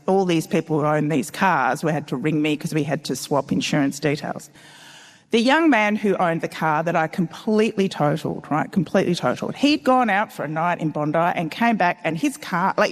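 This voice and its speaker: Middle-aged Australian woman, wry live storyteller on a town hall stage, long hall reverb. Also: on the low side. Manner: wry, animated, acts out dialogue. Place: large town hall stage before an audience. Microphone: stage mic.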